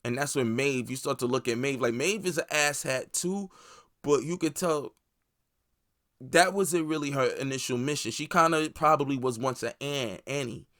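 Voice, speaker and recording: A man's voice: medium pitch, normal speed, fairly bright tone, no echo, studio quality. A man hosting a movie review channel, casually recapping a series in a loose, rambling way with plenty of swearing and filler words.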